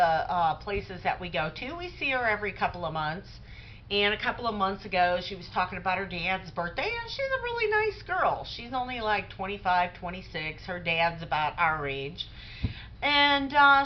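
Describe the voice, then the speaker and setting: Middle-aged woman, conversational Bible talk, rambling storyteller, slightly muffled recording. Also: medium pitch. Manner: conversational storytelling with many fillers. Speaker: Bible teacher. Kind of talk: casual religious talk.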